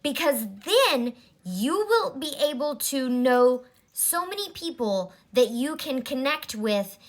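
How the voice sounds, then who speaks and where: A woman's voice: high-pitched, animated, slow pace. A woman in her forties giving a blunt, exasperated commentary in a vlog. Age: 40s. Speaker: vlogger.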